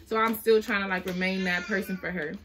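A woman's voice: medium pitch, fairly even intonation, fairly quick, fairly bright tone. A young woman chatting casually to camera as a vlogger, often apologizing and talking to her baby while she looks through letters.

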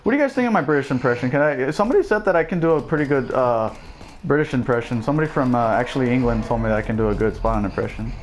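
Excitable young male let's-play commentator. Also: medium pitch, racing. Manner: excitable, jokey, loud outbursts of surprise. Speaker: gameplay commentator. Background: family noise and faint game music.

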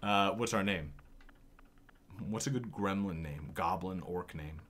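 A man's voice: deep voice, measured pace, a bit bright, a little hiss or hum. A man streaming a game, chatting casually with a wry, joking manner and easy laughs. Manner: wry, swears, laughs easily.

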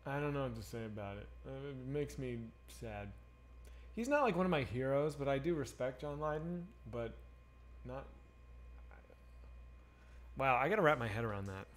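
A man's voice: mid-range voice, lively intonation, normal speed, pauses often. A man streaming a game and chatting casually with his viewers, talking in a profane, rambling and candid way. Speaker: streamer reading chat. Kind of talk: casual live-stream chat while gaming.

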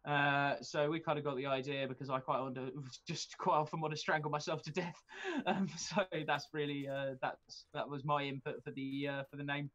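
A young man with a voice a touch higher than most, talking loosely and cracking jokes as he co-hosts a music podcast. He swears freely and laughs through his words, heard over a video call. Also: level tone, moderate pace, few pauses, fairly bright tone, lo-fi sound. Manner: joking, swearing, laughing often. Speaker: co-host, music producer.

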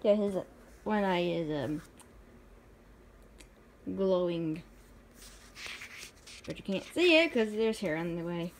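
Speaking slowly and pausing often, a young woman with a lowish, expressive voice chats casually about her own drawings. She rambles, giggles a lot and makes fun of herself. There's a little hiss or hum in the recording.

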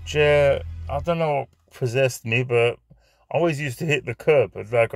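A man's voice: medium pitch, normal speed, no echo, soft background music. A man, telling a rambling anecdote, swearing freely and dropping Greek phrases in. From north London. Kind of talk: anecdotal storytelling.

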